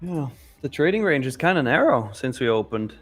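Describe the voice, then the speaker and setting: A man's voice: mid-range voice, very animated, brisk, soft background music. Joking Indian-accented man calling trades. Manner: joking, calls out trade levels. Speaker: co-host of a live trading show. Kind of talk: casual live-stream market chat.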